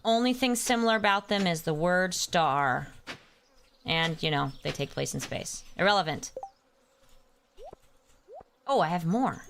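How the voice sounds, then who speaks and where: A woman's voice: fairly low pitch, expressive, measured pace, long pauses, a bit bright, a little hiss or hum. Chatty young woman streamer. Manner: chatty and easily distracted, answering chat by name; playful, hums nonsense sounds while playing. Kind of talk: casual live-stream chat while gaming.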